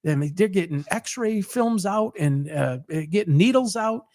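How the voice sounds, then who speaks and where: A man's voice: high-pitched, expressive, moderate pace, darkish tone, no echo. Emphatic, dry-sounding middle-aged male host. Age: 50s. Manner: emphatic, repeats words, acts out the story. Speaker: sports talk show host. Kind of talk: personal storytelling on a podcast.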